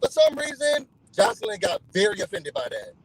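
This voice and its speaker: Recapping a reality show in a relaxed way for his channel, this man gets animated and imitates the cast's lines in different voices. He talks fairly quickly in a high, creaky voice; there's no room sound, but the audio is poor.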